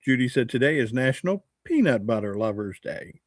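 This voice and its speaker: A man's voice: mid-range voice, sing-song, fairly quick. A man in his sixties hosts a casual livestream, reading out viewer comments and teasing himself with an easy, joking manner. His voice sits in a middle register, and the sound is dry with no room echo. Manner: joking, chatty and self-mocking. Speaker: livestream host and radio host.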